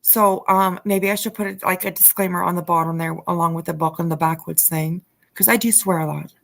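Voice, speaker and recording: A woman's voice: fairly low pitch, steady tone, fairly quick, gravelly, a bit bright. A woman hosting a casual livestream, reading a news story aloud, greeting viewers, and getting heated and swearing, with lots of fillers and restarts. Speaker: livestream host.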